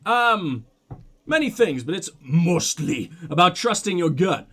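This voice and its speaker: A man's voice: high-pitched, big pitch swings, measured pace, a bit bright, breathy edge. A young man hosting a let's play, joking and reacting as he reads the game's text aloud. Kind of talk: gameplay commentary.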